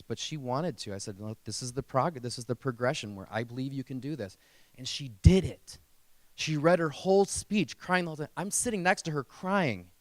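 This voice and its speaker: A man's voice: mid-range voice, no room sound. A man who teaches speech, giving a motivational keynote to parents and telling stories in an earnest, emotional and emphatic way.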